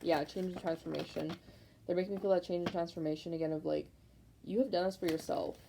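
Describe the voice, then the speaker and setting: There's noise in the background as a young woman, a tarot reader with a creaky, lowish voice, speaks fast. Her casual reading wanders and circles back on itself, loaded with "likes" and excited, emphatic encouragement.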